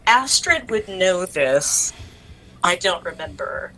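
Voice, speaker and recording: A woman playing a tabletop game, calmly describing what her character does. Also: on the low side, poor audio. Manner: slow, thoughtful, describes her actions. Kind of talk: casual tabletop game chat.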